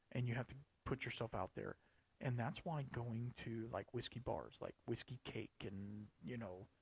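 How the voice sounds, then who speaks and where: A man's voice: medium pitch, creaky, a little mellow, breathy edge, no room sound. A man hosting a podcast, talking casually and rambling, with lots of fillers and restarts. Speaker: podcast host. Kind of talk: casual solo podcast talk.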